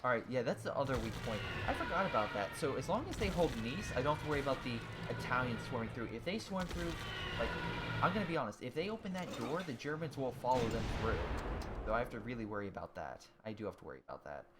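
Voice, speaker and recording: A gaming video host with a medium-pitched voice talks fast over his strategy game in casual let's-play style, thinking out loud with fillers and restarts. He groans and cheers as things happen, and a steady background noise is audible throughout.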